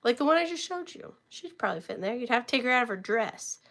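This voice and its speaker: Gravelly woman with a sore throat. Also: a little high, animated, fast talker, a bit bright. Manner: chatty, greets viewers by name while showing items. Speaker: online reseller hosting a live auction. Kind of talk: live-stream selling chat.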